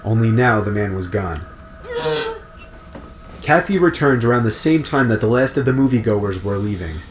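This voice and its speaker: Man narrating a scary story, steady. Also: lowish voice, normal speed. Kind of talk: scripted narration.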